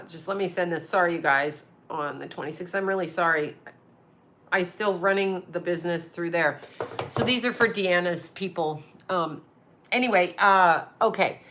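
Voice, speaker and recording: Bright-voiced rambling woman livestream host. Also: medium pitch. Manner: rambling, swears, reads viewer comments aloud. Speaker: psychic channel host. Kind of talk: casual livestream chat.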